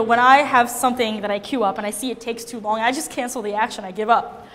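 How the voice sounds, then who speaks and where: A woman giving a casual, animated classroom lecture, often checking in with her listeners by asking "right?". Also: sits high, long reverb tail.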